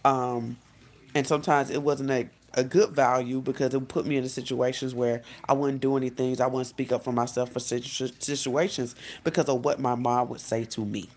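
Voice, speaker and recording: A woman life coach talking straight to her viewers in a casual vlog, chatty and animated, often saying "literally" and "y'all". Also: extremely low pitch, normal speed. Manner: frequent "literally" and self-corrections.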